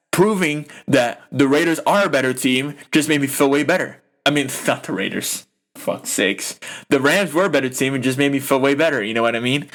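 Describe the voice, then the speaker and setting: A man's voice: medium pitch, a bit bright. Young guy podcast host ranting about the game, swears a lot, rambles with lots of um and you know. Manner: heated, profane, rambling with many fillers. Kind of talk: casual sports rant.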